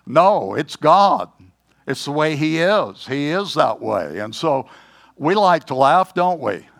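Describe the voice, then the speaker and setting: An older man preaching a sermon in a folksy, joking way, often clearing his throat. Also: on the high side, sing-song, slow.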